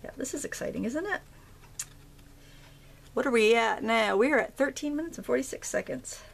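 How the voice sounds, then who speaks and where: At home, a Maine woman with a light local accent leads a casual craft tutorial, chatty and jokey, thinking aloud as she goes. Her voice is fairly high and creaky, with lively intonation, and she speaks at a normal speed.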